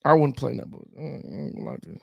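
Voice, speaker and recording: A man's voice: mid-range voice, very fast, vocal fry, no room sound, muffled recording. A man hosting a casual sports talk show, rambling and reacting to viewer comments with chuckles, peppering his talk with "man" and "bro".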